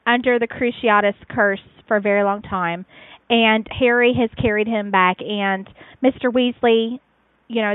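A woman's voice: on the high side, clear, resonant tone, no room sound. Chatty woman on a tinny line. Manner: chatty, rambling, frequent fillers and restarts. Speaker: podcast co-host reviewing fan fiction. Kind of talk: casual chat. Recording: tinny phone-like line, dry.

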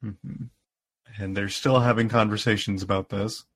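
Man co-host, low voice, laid-back chatty recap with frequent laughs. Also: moderate pace. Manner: relaxed, laughs often while retelling. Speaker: podcast co-host. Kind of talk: casual chat recapping a story.

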